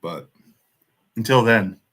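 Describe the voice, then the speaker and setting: American man, very low voice, casual watchalong banter, frequent laughs. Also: slow pace, fairly bright tone, husky. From United States. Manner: laughs often, loose rambling banter. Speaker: watchalong co-host. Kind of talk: casual match commentary chat.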